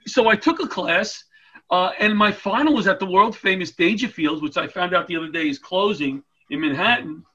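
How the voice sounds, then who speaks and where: A middle-aged man tells stories as an interview guest, his voice pitched high. He talks in a bright, forceful way and slips into voices for the people in his anecdotes. He is heard over a video call. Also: normal speed. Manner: animated, comic, acts out voices in anecdotes. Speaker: guest, retired firefighter and comedian. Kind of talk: storytelling interview chat.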